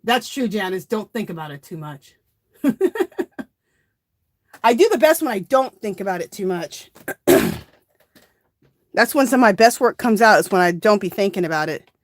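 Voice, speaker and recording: A woman at medium pitch speaks a touch slowly with lively intonation, pausing often, and the sound is clean and studio-like with no echo. She's hosting a relaxed crafting livestream from her craft table, recorded on a phone. She keeps up a chatty, meandering commentary, thinking aloud as she crafts.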